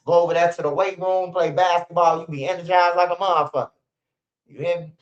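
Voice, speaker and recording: Fast-talking and on the high side, a man in his 40s hosts a livestream full of rambling, profane storytelling. Restarts and laughs come often. The stream audio sounds roomy, dull and lo-fi.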